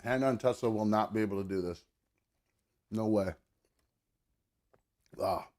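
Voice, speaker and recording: A man's voice: on the low side, measured pace, darkish tone. A man hosting a casual show while forcing down an eating challenge, groaning and swearing as he sweats and strains between bites. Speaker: podcast host.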